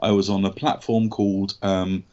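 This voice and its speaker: An English actor with a lowish voice, guesting on a casual interview, tells candid, energetic anecdotes at a normal pace, tossing in mild swearing. The audio sounds dull and lo-fi, like a call.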